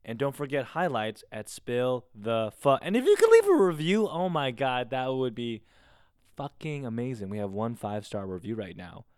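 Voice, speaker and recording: A man hosting his own podcast alone, chatting casually in a rambling, excitable way with a lot of swearing. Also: mid-range voice, moderate pace, clean tone, no echo. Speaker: podcast host. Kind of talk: casual solo podcast chat. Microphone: close studio mic on camera.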